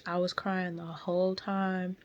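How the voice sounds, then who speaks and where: A woman's voice: on the low side, level tone, a little slow, darkish tone, muffled recording. A young woman telling a painful personal story in her car, candid and tearful, with lots of slang and fillers. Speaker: vlogger.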